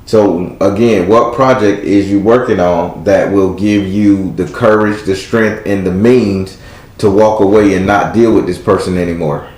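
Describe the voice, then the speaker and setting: Low-voiced tarot reader, male, blunt and preachy, echoey room. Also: fairly even intonation, a little slow, a little mellow. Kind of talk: live tarot reading.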